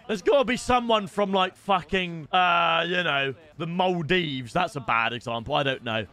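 A young British man streaming a football game, chatting with viewers and swearing in loud outbursts. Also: sits high. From Britain. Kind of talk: casual game stream chat.

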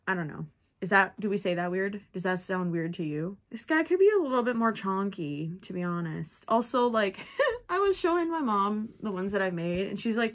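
A woman's voice: medium pitch, expressive, normal speed. A young woman from Minnesota with a Minnesotan accent, chatting in a rambling, giggly way while she crochets for her vlog. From Minnesota, USA. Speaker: crochet vlogger. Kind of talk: casual chat while crocheting.

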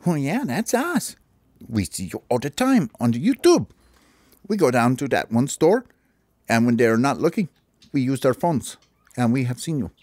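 A man voicing a friendly local bird in a told story, speaking in formal, halting phrases. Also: medium pitch, very animated, darkish tone, no echo, pitched above the performer's own voice. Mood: earnest.

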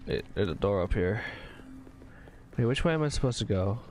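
A man's voice: on the low side, animated, normal speed, a little mellow, slight background noise. A man streaming a video game, commenting live in a profane, goofy way with silly voices. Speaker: gaming streamer.

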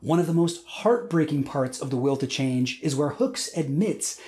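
A man's voice: on the high side, animated, normal speed, mellow. A man in his thirties hosting a scripted comedic video essay, full of wry, self-mocking jokes.

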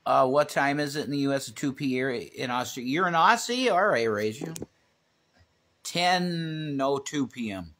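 A man's voice: medium pitch, unhurried, fairly bright tone, slight background noise. A man co-hosting a casual livestream, rambling, swearing freely and reading chat comments aloud. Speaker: livestream co-host.

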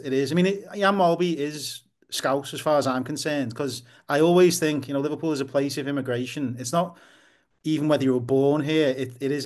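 A man, a football writer, as a guest in a casual podcast interview, explaining at length and restarting often. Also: mid-range voice.

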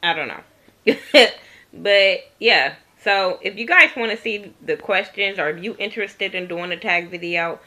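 A woman's voice: mid-range voice, a little slow, pushed and bright. A woman from Compton, California, chatting bluntly and jokingly to the camera at home, swearing freely and laughing often. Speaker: vlogger. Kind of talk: casual chat to camera. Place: at home, indoors. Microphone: camera in front of her.

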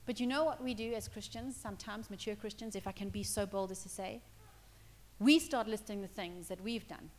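A woman's voice: medium pitch, fairly quick, big-room sound. A woman preaching a sermon in church, talking conversationally and building to emphatic points. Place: church hall.

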